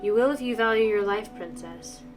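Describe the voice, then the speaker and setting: A woman's voice: mid-range voice, normal speed, faint music behind, lightly acted. A woman playing a cold, stern knight. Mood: threatening. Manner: calm, level and commanding.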